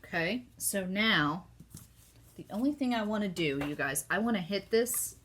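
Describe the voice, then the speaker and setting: A woman with a Southern US accent hosting a casual live craft demo, chatty and excitable as she talks to her viewers. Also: mid-range voice, normal speed, a little hiss or hum. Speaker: craft host.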